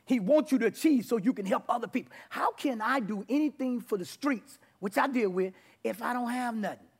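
A man preaching to a church congregation, animated, mixing shouts and laughter. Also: very high voice, a little fast, gravelly, slightly rough. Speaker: pastor. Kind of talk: sermon.

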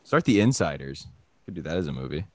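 A man's voice: a bass voice, big pitch swings, fast talker, a little mellow. A man hosting a casual movie podcast, joking and rambling through trivia with friends. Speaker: podcast host.

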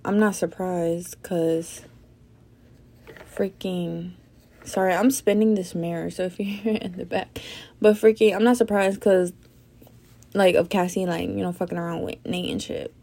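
Sleepy young woman with vocal fry. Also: medium pitch, normal speed, dark tone. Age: young adult. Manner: rambling, swearing, fillers. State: sleepy, yawning. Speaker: podcast host. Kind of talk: casual solo podcast chat.

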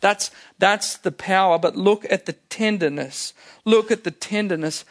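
A man with a somewhat high voice preaches a sermon at an unhurried pace. He explains scripture plainly, as if chatting with the congregation. Emphatic, he repeats key phrases to drive his points home.

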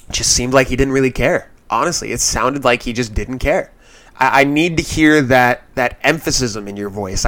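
A man hosting a podcast, talking through a wrestling show in a loose, rambling way. He is frank and laughs easily. His voice sits at an ordinary middle pitch and is recorded close and dry, with no room sound. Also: fairly bright tone, no echo. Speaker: podcast host. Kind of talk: casual wrestling review commentary.

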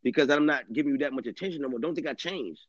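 A man's voice: medium pitch, rapid-fire, no room sound. A man hosting a live stream, rambling casually in street slang and swearing often. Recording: dull lo-fi dry audio.

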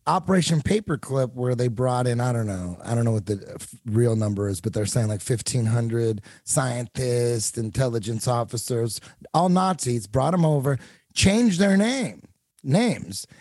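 A man hosting a casual podcast, talking loosely with plenty of swearing and halting restarts. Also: medium pitch, lively intonation, darkish tone, no echo, clean studio sound. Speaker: podcast host.

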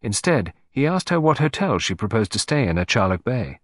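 Man narrating an audiobook, lively intonation, dry close recording. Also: mid-range voice, fairly quick, few pauses, no room sound. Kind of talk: scripted narration.

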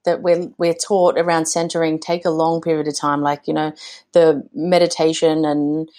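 Earnest mum. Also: female voice, low voice, flat delivery, moderate pace, dark tone. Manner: earnest, many restarts and fillers. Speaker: podcast guest. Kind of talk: conversational interview.

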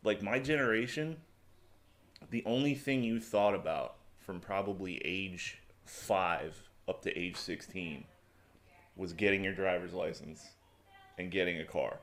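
A man's voice: low-pitched, a little slow, fairly bright tone. A young man co-hosting a casual podcast, blunt and sardonic, making dry jokes. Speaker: podcast co-host. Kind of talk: casual chat.

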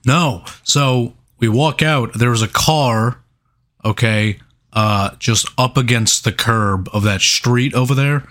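A man's voice: mid-range voice, slow. A man co-hosting a podcast, telling a long casual story full of swearing and laughs. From New York. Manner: profane, animated anecdote with laughs. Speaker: podcast co-host.

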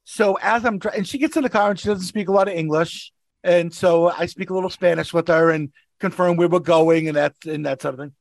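A man's voice: high voice, a little fast, gravelly, no echo. A man, a regular on a podcast, telling rideshare stories in casual chat and acting out the people in them. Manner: animated, acts out voices in his anecdotes. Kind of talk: casual storytelling.

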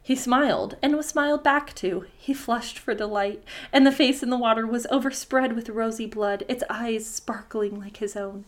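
A woman's voice: a little high, moderate pace, hardly any pauses. A woman hosting a podcast, reading old-fashioned folktale prose aloud and breaking off now and then for casual, swearing asides.

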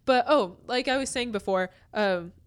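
A young adult woman co-hosts a podcast, chatting casually and telling animated stories with lots of giggling. Her clear, resonant voice is a little high and moves at a normal speed.

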